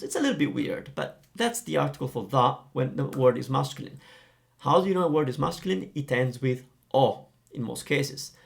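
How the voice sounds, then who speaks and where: Lively man with a gravelly voice. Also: medium pitch. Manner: lively, playful explanations with varied emphasis. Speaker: Italian teacher. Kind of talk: explaining grammar at a whiteboard.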